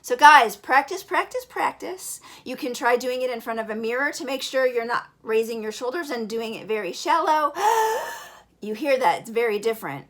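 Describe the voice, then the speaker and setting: A vocal teacher for kids leads an upbeat breathing and singing lesson, encouraging the children while demonstrating breaths and singing the alphabet. Her bright, expressive voice is on the high side, a little fast, with few pauses.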